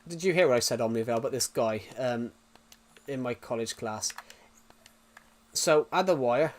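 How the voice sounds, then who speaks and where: A man's voice: mid-range voice, moderate pace. A young British man streaming live, chatting casually with viewers in a rambling way, full of restarts and fillers. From United Kingdom.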